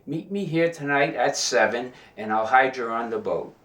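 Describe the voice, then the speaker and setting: A man voicing a smooth-talking young sailor in a joke, in a fairly roomy recording. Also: medium pitch, lively intonation, moderate pace, fairly bright tone, close to an everyday voice. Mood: eager. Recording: roomy echo.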